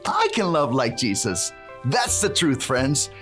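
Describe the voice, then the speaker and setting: A man's voice: mid-range voice, big pitch swings, slow, fairly bright tone, faint music behind. A man playing a cheerful handyman who leads children in call-and-response cheering and drops Spanish words. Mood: cheery. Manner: bouncy, call-and-response with kids, bursts of cheering. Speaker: children's ministry presenter.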